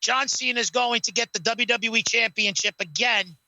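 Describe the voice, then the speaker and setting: A man's voice: extremely high pitch, normal speed, pushed and bright, no room sound, rough recording. A man co-hosting a casual podcast at home, swearing freely while acting out wrestling scenarios. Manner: rambling, swears a lot, acts out scenes. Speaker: podcast co-host. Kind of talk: casual chat.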